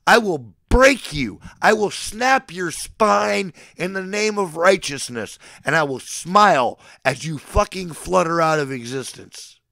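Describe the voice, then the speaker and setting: Gravelly man in his forties ranting. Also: high-pitched, expressive, a little slow, hardly any pauses, pushed and bright, no echo, studio quality. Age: 40s. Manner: aggressive, profane, boastful threats; swings between threats and affection. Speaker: livestreamer addressing his chat. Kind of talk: mock-sermon rant to a live chat.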